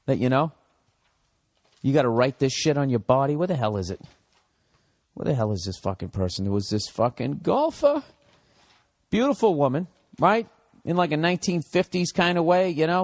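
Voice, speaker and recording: A man's voice: a little high, very animated, normal speed, pauses often, darkish tone, no room sound, clean studio sound. A man in his forties with a Boston accent, hosting a podcast and delivering a profane, sarcastic solo rant. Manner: profane, sarcastic ranting with frequent asides. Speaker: podcast host.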